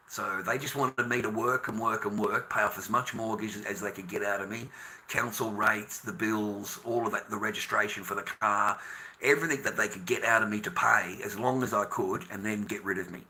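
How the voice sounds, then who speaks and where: An Australian man delivering a profane, bitter monologue to camera, swinging between angry outbursts and low muttering. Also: fairly even intonation, normal speed, bright, forceful tone, slight background noise, rough recording. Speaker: vlogger.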